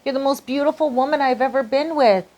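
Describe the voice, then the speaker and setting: A woman's voice: fairly low pitch, normal speed, highs cut off, natural voice. A woman quoting her story's boyfriend, earnest and reassuring, in her own voice. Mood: pleading. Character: earnest man, devoted boyfriend.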